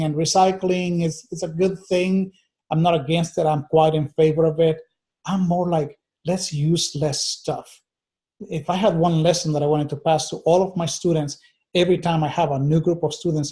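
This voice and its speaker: A man's voice: fairly high pitch, dark tone. A man teaching a recorded lecture, earnest and thinking aloud, with many fillers and restarts. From United States.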